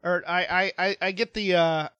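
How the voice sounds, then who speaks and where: A man's voice: high voice, fairly even intonation, moderate pace, fairly bright tone, smooth. A man hosting a podcast, telling stories casually and laughing often. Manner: chatty storyteller, laughs often, frequent restarts. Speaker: podcast host. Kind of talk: casual chat.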